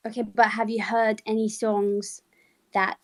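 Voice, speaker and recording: A woman's voice: mid-range voice, flat delivery, a little slow, dry recording. A woman from the UK in casual chat, frank and teasing, laughing often.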